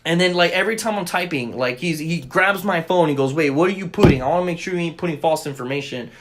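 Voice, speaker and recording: A young man spins a long story in casual podcast chat, swearing freely and jumping into the voices of the people he quotes. His voice sits a touch higher than most men's. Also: fast. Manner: profane, animated storyteller acting out quotes. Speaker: podcast co-host.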